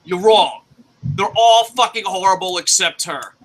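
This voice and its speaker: A young man hosting a wrestling review, ranting casually with lots of swearing and bursts of shouting. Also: high voice, a little slow, rough recording. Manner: profane, ranting, shouts at times.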